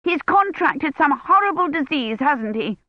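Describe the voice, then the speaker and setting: Woman doing a shrill fussy older lady, loud and fretful, way up high, tinny. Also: very animated, measured pace, dry recording. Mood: alarmed. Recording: tinny phone-like dry audio.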